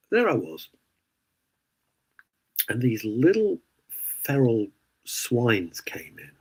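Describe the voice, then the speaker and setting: A man's voice: medium pitch, darkish tone, breathy edge, rough recording. A man hosting a radio show, ranting indignantly in casual opinionated chat. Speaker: radio host.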